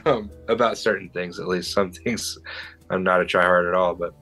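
A man's voice: low-pitched, steady tone, moderate pace, a bit bright, soft background music, rough recording. A man as a guest on a livestream, chatting in a laid-back, self-deprecating way. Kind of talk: casual chat.

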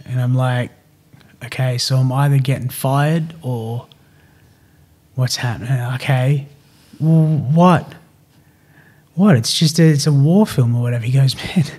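A man's voice: mid-range voice, unhurried, pauses often. Chatty Australian man telling stories. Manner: animated, slangy, acts out quoted dialogue. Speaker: podcast guest. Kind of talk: casual storytelling.

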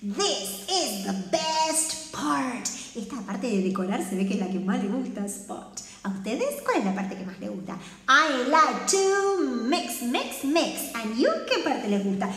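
High, sing-song storytime teacher, echoey room. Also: female voice, sing-song, moderate pace, a bit bright. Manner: sing-song, exaggerated, coaxing children to join in. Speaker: children's English teacher. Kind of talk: bilingual storytime read-aloud for kids. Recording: very echoey room with long reverb.

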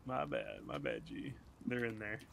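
A gaming channel host chats and jokes in slang while playing a co-op game with a friend. His voice sits on the low side with vocal fry, its pitch swooping wildly, and he keeps a measured pace. Noisy game audio plays behind him.

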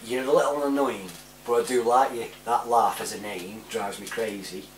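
A man, rambling casually through shout-outs to friends, laughing often. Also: mid-range voice, fairly even intonation, moderate pace, distant mic. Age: 40s. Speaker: vlogger. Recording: roomy, off-mic, faint hum.

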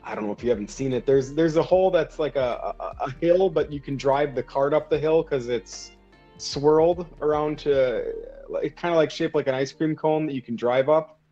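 A man's voice: fairly high pitch, moderate pace, warm tone. A Minnesotan man co-hosting a podcast, chatting casually in an easygoing way and laughing often. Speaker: podcast co-host. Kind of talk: casual chat. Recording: slightly dull, music behind.

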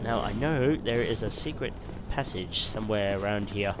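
A man's voice: fairly low pitch, normal speed. A British man giving casual, sarcastic gameplay commentary, talking to himself and the game from his computer. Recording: loud background noise.

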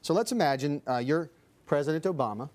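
A man's voice: on the high side, animated, fast, a little mellow. A man hosting a comedy panel show, speaking with a dry, wry delivery. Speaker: host.

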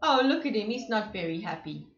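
A woman preschool presenter reading a rhyming picture book to young children, animated and often asking them questions. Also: mid-range voice, brisk. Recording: echoey room, slightly dull sound.

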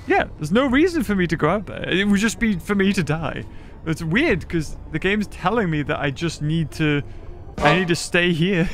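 A man's voice: a little high, a bit bright. A man giving casual, chatty commentary while playing a survival game, giggling and talking to the animals on screen. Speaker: gaming YouTuber. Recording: game music behind the voice.

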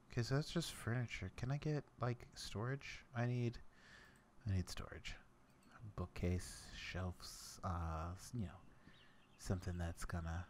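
Low, slow-talking young man playing a game. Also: slight background noise. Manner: rambling, muttering to himself, chuckling. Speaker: gameplay commentator. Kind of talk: let's play commentary.

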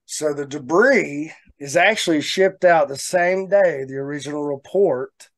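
A man co-hosting a podcast, telling a long story in a casual, animated way and laughing often. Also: on the high side, unhurried, no room sound. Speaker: podcast co-host.

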